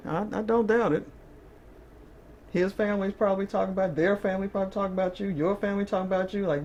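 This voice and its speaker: In a relaxed on-camera tarot reading, a woman keeps checking in with her listeners by asking "okay?" and often breaks into quick laughs. Her mid-range voice is a little mellow, and the audio sounds dull with slight hiss or hum.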